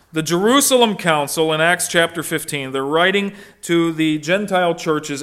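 Man, pastor, sermon, high-pitched, emphatic, hushed asides. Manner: emphatic preaching, dropping to hushed asides and rising for quoted voices.

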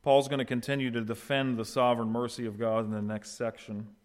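A male pastor delivering a sermon, his voice at a middle pitch. He swings often between hushed, low stretches and loud, raised ones, acting out the voices he quotes. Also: level tone, fairly quick. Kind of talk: expository sermon.

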